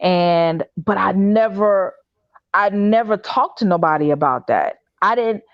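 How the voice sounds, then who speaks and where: A woman from Chicago hosting a livestream talk show, telling a personal story in an animated, loose way with many fillers and restarts. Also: medium pitch, a little slow, no room sound. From Chicago, United States. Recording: dull, slightly lo-fi dry stream audio.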